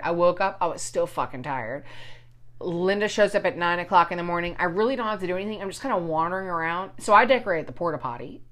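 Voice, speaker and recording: A woman in her forties with a somewhat low voice talks casually, telling a long personal story. She swears a lot, backtracks mid-sentence and rambles on. The delivery is loose and conversational. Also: fairly bright tone.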